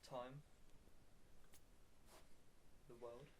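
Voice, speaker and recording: A man's voice: medium pitch, little pitch movement, drawn-out words, slight background noise. A man co-hosting a podcast, muttering one-word guesses and swearing in frustration. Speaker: podcast co-host. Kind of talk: casual chat, guessing at charades.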